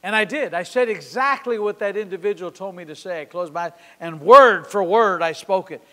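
A man in his sixties preaching a sermon at a church service. He tells a story with passion, swinging from sudden loud peaks to quiet drops. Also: high voice, brisk. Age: 60s. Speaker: pastor. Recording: long hall reverb.

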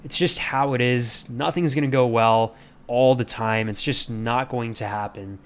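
An earnest man in the middle pitch range, reflecting aloud on his podcast. He rambles and restarts in a casual monologue that is full of fillers. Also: steady tone, measured pace, smooth. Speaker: podcast host.

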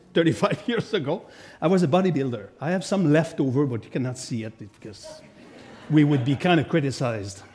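A middle-aged man preaching as a guest speaker in a church, animated and playful, reading scripture aloud and breaking off into emphatic, joking asides to the congregation. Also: a little high. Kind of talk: sermon. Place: church sanctuary.

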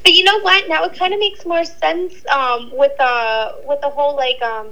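A woman's voice: sits high, steady tone, moderate pace, bright, forceful tone, rough recording. A young woman co-hosting a podcast, chatting casually and agreeably, often saying "literally". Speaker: podcast co-host. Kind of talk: casual chat.

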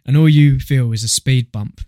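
A man's voice: mid-range voice, normal speed, mellow, no echo, studio quality. A young man co-hosting a podcast in casual chat, joking, swearing freely and telling stories with relish. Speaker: podcast co-host.

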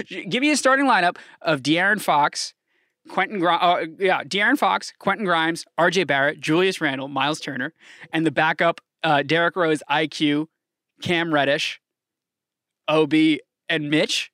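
Solo sports podcaster, man, swings from shouting to muttering, swears freely, voice on the higher side. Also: normal speed, no echo, studio quality. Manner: excitable and profane, swinging from shouting hype to low mutters. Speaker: podcast host.

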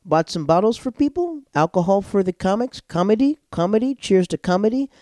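A man doing a giddy, high-voiced comic pushing drinks. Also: expressive, fairly quick, mellow, no echo, clean studio sound. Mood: excited. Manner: eager, high-pitched and pushy.

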